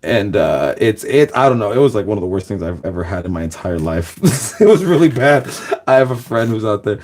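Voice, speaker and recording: A man's voice: on the low side, very animated, brisk, darkish tone. A young man telling a long, rambling story in a loose, casual way, full of "like" and "guys" and bursts of laughter.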